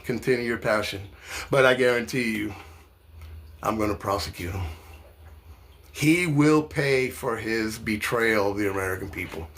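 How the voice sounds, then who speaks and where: A political commentator from New York delivers an impassioned, profane rant, swinging between loud outbursts and low, slow asides.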